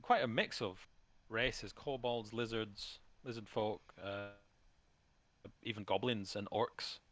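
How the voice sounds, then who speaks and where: A man narrating a tabletop game as game master, often pausing with ums and restarts. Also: fairly low pitch, a bit bright, slight background noise. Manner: halting, full of ums and restarts.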